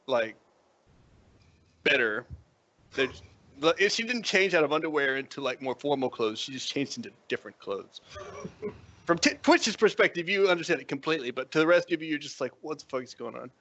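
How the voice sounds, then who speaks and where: A man narrating as dungeon master for a tabletop game, telling it in an animated way with frequent chuckles. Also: fairly high pitch, moderate pace, no echo, muffled recording.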